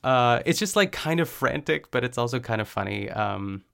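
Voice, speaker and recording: A man recaps a cooking show in a loose, chatty podcast style. His voice has a gravelly edge and sits at an ordinary pitch. He rambles and fills gaps with "like" and quick laughs. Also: animated, fairly bright tone. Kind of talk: casual chat.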